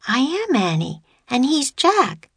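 A woman voicing a cheerful, bold nine-year-old girl in a storybook reading, pitched high and chirpy. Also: wildly swooping pitch, takes it slowly, fairly bright tone, breathy edge, no echo, full character voice. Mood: eager.

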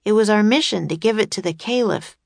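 A woman's voice: medium pitch, a little fast, gravelly, a little mellow, dry recording, voice pushed up, lightly acted. A woman voicing a polite, cautious young boy in a children's storybook reading. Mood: earnest.

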